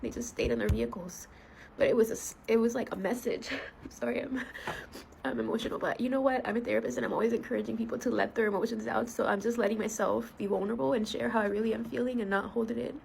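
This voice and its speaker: A woman in her thirties, a school therapist from the United States, speaking in an emotional, halting, heartfelt personal video monologue. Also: fairly high pitch, gravelly, a little mellow, a little hiss or hum, low-quality recording.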